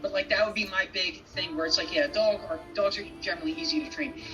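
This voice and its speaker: Male guest, halting and hesitant, set back from the mic over clear music. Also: high voice, animated, far from the mic, rough recording. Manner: hesitant, halting, with many restarts. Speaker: podcast guest. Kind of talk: casual conversation.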